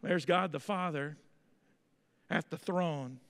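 A man in his thirties preaching a sermon in a church, telling folksy stories with lively energy. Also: a little high, slow, creaky, in a large hall. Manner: folksy storytelling, animated. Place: church sanctuary.

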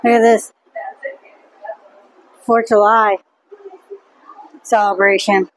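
A woman's voice: medium pitch, little pitch movement, slow pace, dry recording, low-quality recording. A woman in casual vlog chat at an indoor museum exhibit, eagerly pointing out small details. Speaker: vlog co-host.

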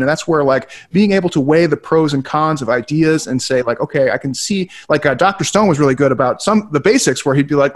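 A man co-hosting a casual webinar, talking quickly and animatedly and swearing freely. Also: fairly high pitch. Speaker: co-host.

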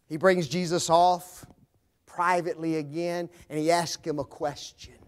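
Guy preaching a sermon, pretty high voice, goes loud then drops quiet, talks right to the folks. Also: unhurried. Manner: dramatic, swinging from loud climaxes to hushed low lines; addresses the congregation directly.

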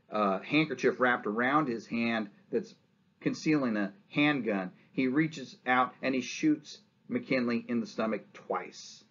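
A man's voice: mid-range voice, fairly bright tone, dull audio. A man giving a conversational college history lecture, often checking in with "right?" and acting out quotes in changed voices.

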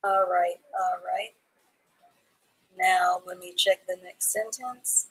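A woman teaching a live online reading class, reading students' sentences from the chat and praising them slowly and clearly. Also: fairly low pitch, steady tone, low-quality recording. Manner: encouraging, slow and clear, praising students by name.

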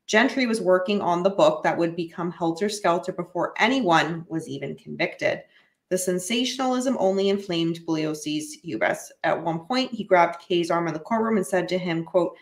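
A woman's voice: fairly low pitch, echoey room. A woman co-hosting a podcast, talking matter-of-factly and reading passages aloud steadily. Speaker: podcast co-host. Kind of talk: casual chat and reading excerpts.

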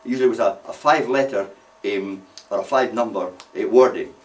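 An older Scottish man, a war veteran, tells rambling anecdotes sprinkled with lots of "you see" asides. His voice is lowish and he talks fast, sounding as if he's far off the mic.

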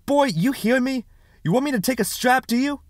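A man's voice: medium pitch, normal speed, a bit bright, dry recording, studio quality, lightly acted. A man voicing an angry, stern father, questioning harshly and scolding. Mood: accusing.

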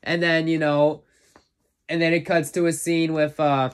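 A man with a somewhat high voice talks through a film he loves in a casual review. He rambles, leaning on "uh" and "you know" as he recaps scene after scene, clearly an eager fan. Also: little pitch movement, measured pace. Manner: enthusiastic fan, chuckles often. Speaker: movie reviewer. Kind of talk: casual spoken movie review.

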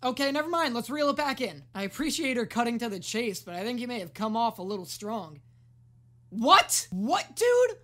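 A woman hosting a reaction video, giving casual, sarcastic commentary, swearing freely and often yelling at the screen. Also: on the high side, fast talker, hardly any pauses.

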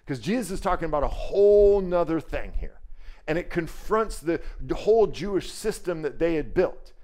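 A man preaching a sermon in a conversational, animated way, acting out quoted voices. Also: fairly high pitch, normal speed. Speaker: pastor.

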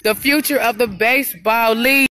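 A woman's voice: fairly high pitch, normal speed, sharp tone, low-quality recording. A woman giving casual, upbeat live commentary on her phone while walking around an outdoor park event, laughing often. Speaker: live-streamer at a community event. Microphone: phone camera, live stream. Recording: outdoor noise behind.

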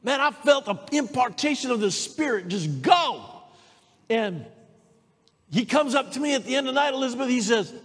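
A woman's voice: high voice, normal speed, husky. A woman preaches a sermon in a church sanctuary. She tells stories energetically and keeps calling out for amens. Her voice rings with the long reverb of the hall. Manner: lively storytelling, calls for amens.

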